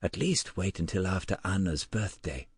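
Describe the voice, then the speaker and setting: A male audiobook narrator voicing an anxious woman who pleads with her partner in a hushed voice. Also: sits low, expressive, moderate pace, gravelly, husky, no echo, clean studio sound, heavily acted. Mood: hushed pleading.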